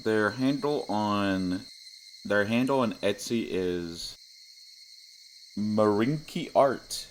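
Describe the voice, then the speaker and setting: A young man chatting casually while streaming a game, rambling and often breaking into high-pitched laughter. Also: drawn-out words, pauses often, a little hiss or hum. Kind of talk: casual livestream gaming chat.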